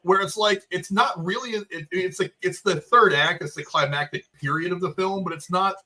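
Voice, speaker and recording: A man co-hosting a casual movie review chat, animated and profane, acting out the lines he quotes. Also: sits high, moderate pace. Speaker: podcast co-host.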